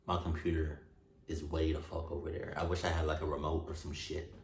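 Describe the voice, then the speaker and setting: A man reacting to a horror video in casual commentary, ranting and cursing in an animated way, at home. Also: very deep voice, brisk, roomy sound, slight background noise.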